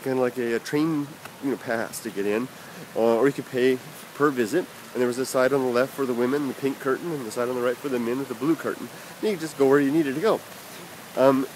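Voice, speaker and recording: A man's voice: mid-range voice, a little hiss or hum. A middle-aged man casually telling a rambling personal story for his vlog while walking down a street outdoors. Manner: rambling and chatty, with many fillers and self-corrections. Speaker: vlogger.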